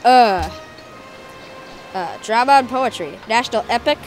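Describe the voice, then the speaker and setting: A fairly high-voiced woman giving casual let's-play commentary over a strategy game. She is excitable and jokey, chatting to her own units. Soft music sits faintly behind her. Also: moderate pace. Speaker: gameplay video host.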